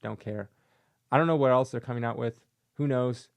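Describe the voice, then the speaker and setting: A man's voice: medium pitch, normal speed, gravelly. A man hosting his own channel, giving a casual, sarcastic opinion rant and mocking things with silly voices. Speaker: comic collector channel host.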